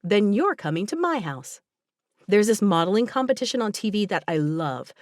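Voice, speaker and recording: A woman's voice: medium pitch, very animated, normal speed, no echo, clean studio sound, voice pushed up, natural voice. Woman voicing an eager teenage girl. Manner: enthusiastic, emphatic.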